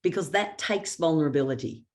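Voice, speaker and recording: A woman's voice: low-pitched, brisk, darkish tone. A middle-aged woman presenting a workshop, telling stories with acted-out quotes and laughing often. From Australia. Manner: storytelling with acted quotes and sarcasm. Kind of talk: motivational workshop talk.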